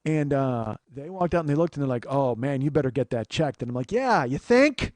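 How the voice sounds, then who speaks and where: A man hosting a comedy podcast, telling an exasperated, profane story that swings from low muttering to loud outbursts. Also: quick pace, no room sound. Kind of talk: storytelling monologue.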